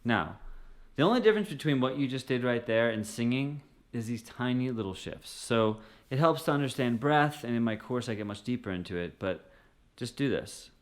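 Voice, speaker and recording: A man at a middle pitch gives a casual singing lesson straight to camera. He talks in an easy, encouraging way and slips short sung phrases in among his explanations. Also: lively intonation, moderate pace. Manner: encouraging, conversational, often sings short phrases. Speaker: music teacher.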